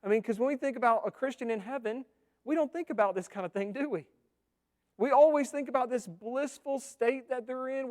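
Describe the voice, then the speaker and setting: High-voiced pastor preaching in a church hall. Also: male voice, darkish tone. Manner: conversational, asking the congregation questions. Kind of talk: sermon.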